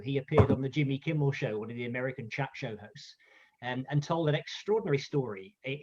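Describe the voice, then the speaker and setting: A man from the UK recounting an anecdote in a chatty, animated way at a storytelling event. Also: a little high, highs cut off. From United Kingdom. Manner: chatty, animated, acts out voices in quotes. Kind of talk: casual storytelling talk.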